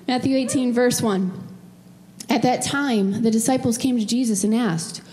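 Woman pastor, middle-aged, slightly high voice, emotional sermon, long reverb of a church hall. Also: brisk, warm tone. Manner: emotional, tearful at times, personal storytelling. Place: church sanctuary.

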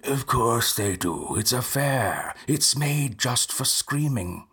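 A man voicing a smug, know-it-all young male ghoul in a slow, breathy voice. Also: medium pitch, expressive, pushed and bright, exaggerated voice. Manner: smug, pretending to be clever.

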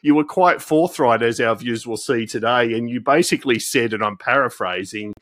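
A man's voice: mid-range voice, moderate pace, a bit bright, dry recording. Dry-sounding male podcast host. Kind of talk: casual interview.

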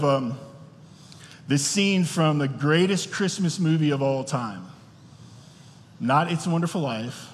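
A man's voice: a little high, a bit bright. A man preaching a sermon as pastor, talking in a conversational way and often checking in with the room. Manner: conversational, asks the room questions. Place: church hall. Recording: long reverb of a church hall.

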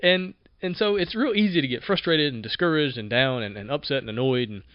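A man hosting a podcast, talking in an energetic, conversational way and often repeating himself as he goes. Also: medium pitch, fairly quick, clean tone, dry recording, highs cut off. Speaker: podcast host. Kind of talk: casual motivational monologue.

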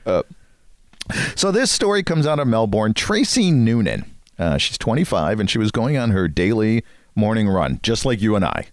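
A man's voice: on the low side, big pitch swings, moderate pace, no echo, studio quality. A man co-hosting a podcast, telling a story in a rambling, joking way with frequent chuckles. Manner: rambling storyteller, chuckles often, self-mocking. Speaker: podcast co-host. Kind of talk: casual chat.

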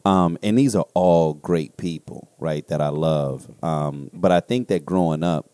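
A man in casual chat, throwing in joking asides and talking slowly when serious. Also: low-pitched, dark tone, dry recording.

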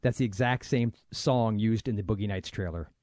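A man's voice: on the low side, normal speed, a little mellow, no room sound, clean studio sound. A man with a Southern US accent co-hosting a podcast in casual chat, joking, laughing often and rambling. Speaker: podcast co-host.

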